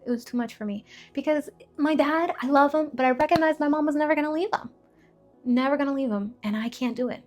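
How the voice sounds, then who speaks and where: A woman in her twenties opens up on camera about her past in a personal testimony vlog. She talks frankly and emotionally, circling back with repeated phrases and quick asides. Her voice sits somewhat high. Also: darkish tone, faint music behind. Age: 20s. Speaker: vlogger sharing a testimony.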